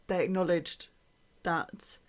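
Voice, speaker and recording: A woman's voice: on the low side, steady tone, slow pace. A woman co-hosting a podcast, reacting with short, dry quips. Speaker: podcast co-host. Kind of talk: casual podcast chat.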